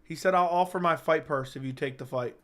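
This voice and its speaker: A man's voice: fairly high pitch, fairly quick, a bit bright. A young man hosting a live-stream chat, rambling and joking as he reads viewer comments aloud.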